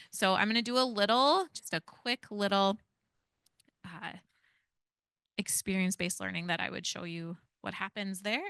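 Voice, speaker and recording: A woman in her thirties leads a parenting workshop in a loose, chatty manner, tossing in "like" and "right?" as she goes. Her voice is bright and crisp, smooth and clear. The sound is dry and close. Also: mid-range voice, no room sound. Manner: casual, chatty, many "like" and "right?". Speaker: parenting educator leading a training. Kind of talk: interactive workshop talk.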